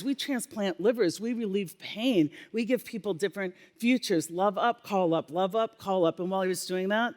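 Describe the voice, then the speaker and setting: A woman giving a keynote on stage, telling a workplace story with lively acted-out dialogue. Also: mid-range voice. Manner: animated storyteller acting out dialogue. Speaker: keynote speaker, former healthcare leader. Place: conference stage. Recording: long reverb of a conference hall.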